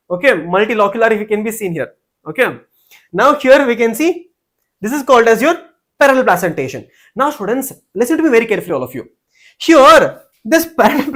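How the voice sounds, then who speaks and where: A man, teaching an online exam-prep biology lecture, repeating key terms and calling out to students. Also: extremely high pitch. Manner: repetitive, keeps addressing students, builds mnemonics.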